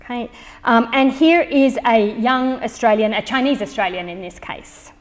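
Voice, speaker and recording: Woman, academic lecturer, somewhat high pitch, steady explaining tone, long hall reverb. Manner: measured explanatory delivery with fillers. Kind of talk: public lecture.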